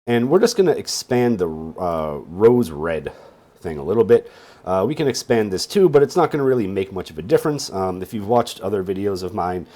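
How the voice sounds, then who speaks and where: A deep, slightly husky man talks through a casual tutorial, sounding sleepy. His delivery wanders up and down a lot, with wry little jokes tossed in between explanations. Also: big pitch swings, a little fast, mellow. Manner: rambling, with wry joking asides. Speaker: database instructor. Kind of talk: casual screen-share tutorial.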